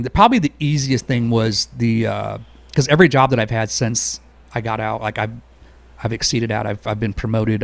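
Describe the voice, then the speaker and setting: A man who is an Army veteran, telling stories in a blunt, quick, conversational way as an interview guest. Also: fairly low pitch, gravelly, no echo. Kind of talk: casual interview storytelling.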